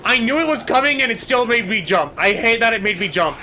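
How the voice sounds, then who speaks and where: A man's voice: very high-pitched, expressive, fairly quick, background noise. A man streaming a video game live, reacting to what happens and chatting with his viewers. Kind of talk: live gameplay commentary.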